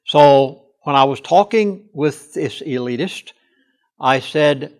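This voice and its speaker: A man's voice: a little high, slow pace. An older man, a pastor, speaking earnestly and emphatically in a studio interview and leaning hard on key words. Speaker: pastor and chaplain.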